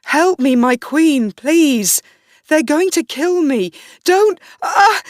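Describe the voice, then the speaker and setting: A woman's voice: sits high, expressive, slow, no echo, clean studio sound, pitched above the performer's own voice. A woman doing a terrified man screaming for help. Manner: screaming, pleading.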